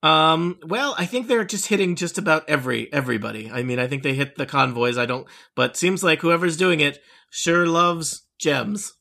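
A man's voice: on the high side, moderate pace, vocal fry, few pauses, pushed and bright. A man voicing a small, fretful male gnome gem merchant who talks in a fussy, hesitant way. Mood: worried. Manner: fussy, hesitant, stumbling over words.

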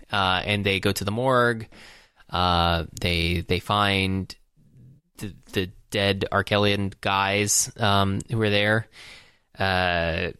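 A man casually recapping a movie scene by scene, rambling and halting with lots of fillers. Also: fairly low pitch, sharp tone, clean tone, no echo.

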